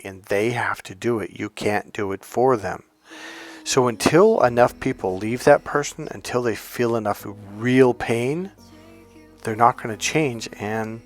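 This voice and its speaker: A man speaking as a life coach in a calm, soothing, unhurried self-help talk to his viewers. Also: medium pitch. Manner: addresses viewers directly as coach.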